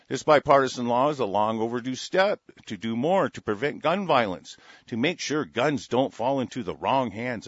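A man's voice: medium pitch, breathy edge, no echo, muffled recording. A middle-aged man reading news stories aloud and breaking off into angry, sarcastic, profane rants. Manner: angry, sarcastic, swears a lot, reads then rants. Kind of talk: profane ranting commentary on news.

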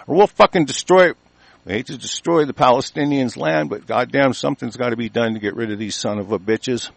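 A man delivering an angry, heated political rant full of profanity, with sudden louder bursts. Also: medium pitch, a little fast, creaky, dry recording.

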